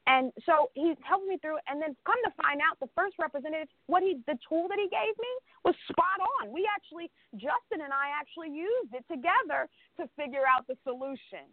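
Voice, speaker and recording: A woman's voice: high voice, lively intonation, fairly quick, hardly any pauses, no echo. A woman telling a personal story in casual conversation, rambling with many restarts and fillers and laughing often. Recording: dry phone-line sound.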